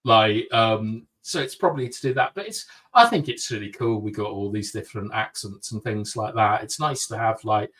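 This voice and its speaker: A man's voice: lowish voice, moderate pace, few pauses, a bit bright, distant mic. A man co-hosting a casual podcast chat, making dry, sarcastic jokes. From North East England. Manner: dry, joking, with sarcastic asides. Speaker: podcast co-host.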